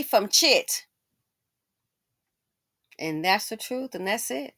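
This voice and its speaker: Woman host with a sassy, animated commentary delivery. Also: high voice, takes it slowly, pauses often. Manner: animated, sassy, mimics people in quotes. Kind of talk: casual commentary.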